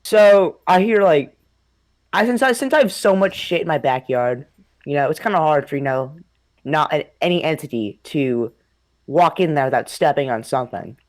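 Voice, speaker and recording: A man's voice: fairly high pitch, normal speed, no room sound. A young man casually telling a spooky childhood story, rambling, swearing a lot and laughing often. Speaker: host.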